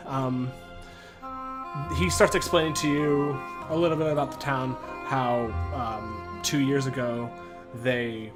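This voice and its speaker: Casual man narrating a tabletop game. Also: mid-range voice. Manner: casual, many fillers, self-interrupting. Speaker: dungeon master. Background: background music.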